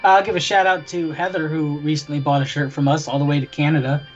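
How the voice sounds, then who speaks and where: A man co-hosting a podcast, giving friendly shout-outs and wry remarks. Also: a little high, level tone, quick pace, lo-fi sound, faint music behind. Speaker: podcast co-host. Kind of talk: casual podcast chat.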